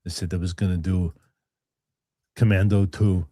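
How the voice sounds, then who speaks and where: A boastful, stubborn old action hero, as a man puts him on with a thick Austrian accent. He speaks in clipped, defiant phrases with a low, dry voice, refusing to back down. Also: little pitch movement, normal speed, mellow, dry recording. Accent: Austrian, put on. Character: boastful aging male action star, stubborn.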